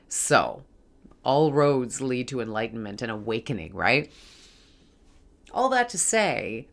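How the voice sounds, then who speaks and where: A woman talking earnestly to her viewers in a casual spiritual vlog, reassuring them and calling them her friends. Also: very deep voice. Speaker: spiritual vlogger. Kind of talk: casual spiritual talk to camera.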